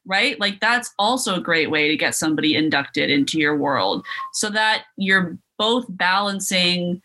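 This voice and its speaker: A woman's voice: lowish voice, animated, unhurried, few pauses, pushed and bright, low-quality recording. A woman co-hosting a podcast, giving casual advice in an easygoing way.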